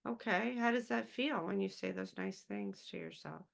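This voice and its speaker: A woman guiding the conversation like a therapist, asking gentle reflective questions. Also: mid-range voice, wildly swooping pitch, normal speed, creaky.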